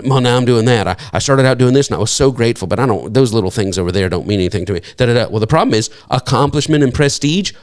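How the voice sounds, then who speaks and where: A middle-aged male pastor preaching with force and conviction. He stumbles, repeats himself and restarts often, then breaks off to ask his listeners rhetorical questions. His voice sits at an ordinary male pitch and climbs when he acts out imagined people. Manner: emphatic, repeats words and restarts, asks the congregation "What?". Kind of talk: sermon.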